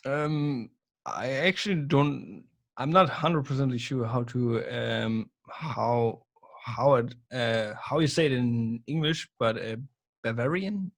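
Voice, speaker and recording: A man with a German accent and German as his first language, chatting as a podcast guest, often pausing to search for English words and laughing. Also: mid-range voice. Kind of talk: casual chat.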